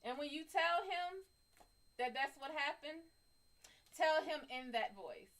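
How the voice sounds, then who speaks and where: A woman's voice: high-pitched, slow pace. A woman hosting a live psychic reading, talking casually, swearing freely and laughing between stories. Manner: animated, profane, laughing. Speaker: psychic reader, live stream host.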